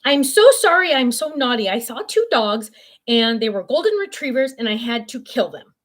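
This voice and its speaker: A woman's voice: on the high side, sing-song, moderate pace, fairly bright tone. A woman voicing a naughty sheepish pet dog.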